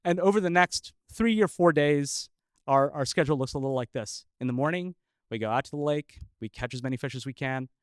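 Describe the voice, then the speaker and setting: A man who is a scientist telling a personal story live, chuckling often and pausing with filler uhs. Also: on the high side, clean tone, no echo.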